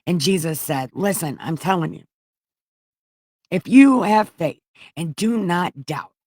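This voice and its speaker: A woman with a lowish, darkish voice reads from scripture as comedy, recorded cleanly in a studio with no room sound. Her delivery is loose and full of self-interruptions as she tosses in profane, derisive commentary.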